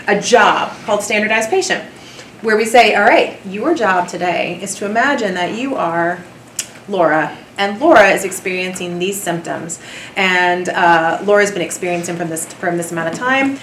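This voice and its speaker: A woman with a Southern US accent, a theatre professor giving a lively, chatty lecture and talking with her audience. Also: medium pitch, a little hiss or hum. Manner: chatty, animated, laughs often. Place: lecture hall. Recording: echoey lecture hall, distant mic.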